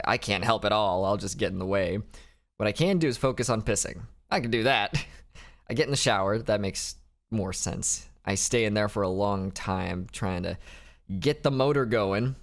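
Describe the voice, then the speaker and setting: A man's voice: fairly low pitch, normal speed. A young adult man narrating a casual recovery diary vlog, candid and rambling, often breaking off with small laughs. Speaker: vlogger.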